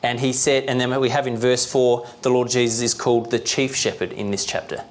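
A man's voice: medium pitch, flat delivery, brisk. A young man preaching a sermon as pastor, explaining plainly in a conversational way, often checking in with the congregation and chuckling now and then. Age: young adult.

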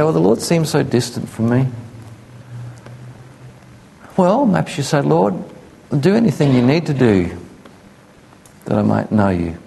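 A man's voice: mid-range voice, creaky, a little mellow, husky. A man preaching a sermon in an earnest, conversational way, sometimes acting out the voices of people he quotes. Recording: echoey hall.

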